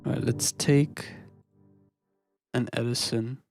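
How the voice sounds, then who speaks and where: A man's voice: mid-range voice, fairly even intonation, takes it slowly, gravelly. A man casually chatting through a music production live stream in a laid-back, rambling way, dropping "bro" now and then.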